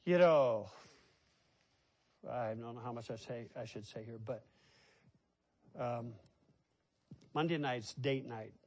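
A man's voice: medium pitch, takes it slowly, long pauses, a little mellow. An older man, a pastor, preaching a sermon and telling a family story in a conversational way.

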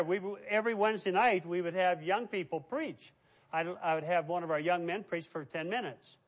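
A middle-aged man preaching a sermon, emphatic and loud on key words. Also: fairly high pitch. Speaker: pastor.

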